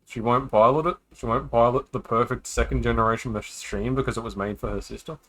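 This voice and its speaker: Streaming a visual novel, a man reads the dialogue at a fairly quick clip in a steady, medium-pitched, slightly bright voice. He's casual throughout and jokes around between lines.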